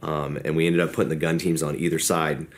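A man's voice: a bass voice, level tone, a little fast. A man telling a war story in an interview, casual and talkative, acting out what people said. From United States. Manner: casual storytelling, acts out quoted dialogue. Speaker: podcast guest.

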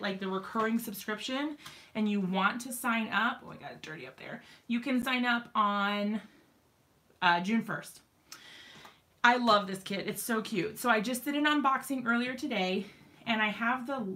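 A woman's voice: medium pitch, pushed and bright. A woman hosting a crafting live stream from her home craft room, chatting casually and giggling, with many ums and likes.

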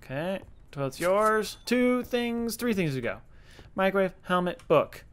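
A man's voice: high voice, sing-song, measured pace, a bit bright, slight background noise. A man giving casual let's-play commentary, chatty and self-mocking, talking to the game's characters. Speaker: gaming YouTuber.

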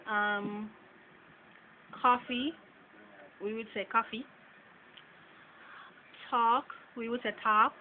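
A woman's voice: on the high side, fairly even intonation, takes it slowly, pauses often. A woman from Jamaica with a Jamaican accent, casually reading a word list for an accent tag and chatting about how she says each word. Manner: casual, chatty, laughs between words. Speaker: vlogger. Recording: tinny phone-like audio with faint noise.

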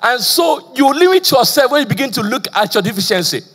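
High-voiced preaching man in a reverberant hall. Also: big pitch swings, a little fast, a bit bright, slightly rough. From Nigeria. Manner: call-and-response preaching, repeated "praise the Lord"; slight stammer. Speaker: pastor. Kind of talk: sermon. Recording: long church hall reverb.

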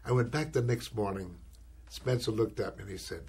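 An older actor telling an anecdote in an interview, animated and acting out the voices he quotes, often adding "you know". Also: medium pitch, moderate pace, husky. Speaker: actor recalling his career.

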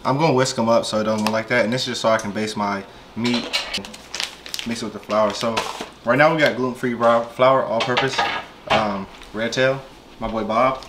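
A man's voice: mid-range voice, steady tone, moderate pace, background noise. A man hosting a casual cooking vlog in a home kitchen, laid-back and slangy, talking to viewers as "y'all". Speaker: vlog host cooking fish.

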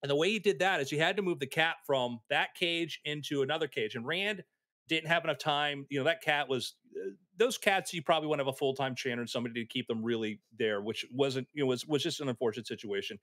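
A man telling anecdotes in a casual chat, animated and acting out the voices of people in his stories. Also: medium pitch, fast talker, no echo. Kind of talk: casual storytelling.

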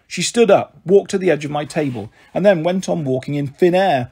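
Husky man reading a children's book. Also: on the high side, fairly quick, few pauses. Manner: steady, expressive narration. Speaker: storyteller.

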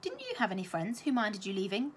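A woman voicing a polite, hopeful young schoolgirl, in a storybook reading with lively pitch. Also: brisk, slight background noise. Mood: eager.

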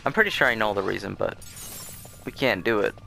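Bright-voiced young man chatting over gameplay. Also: on the low side, fairly quick, gravelly. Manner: rambling and chatty, with many fillers and restarts. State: sleepy, yawning. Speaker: let's play host. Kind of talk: casual gameplay commentary. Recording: faint game music behind.

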